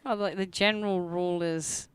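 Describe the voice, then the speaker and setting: A woman giving live sports commentary on a match, analytical and quick to laugh. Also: fairly low pitch, steady tone, smooth, no room sound. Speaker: platform tennis commentator.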